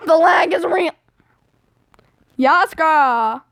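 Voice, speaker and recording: A woman's voice: sits high, measured pace, creaky, no echo, rough recording. A young woman casually reading a fan-fiction story aloud on a live stream, often breaking off to chat and joke. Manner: chatty, easily distracted, breaks off to joke.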